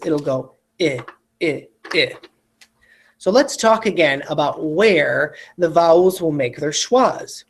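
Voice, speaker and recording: A woman teaching a recorded phonics lesson to children, patiently stretching out vowel sounds and syllables. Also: lowish voice.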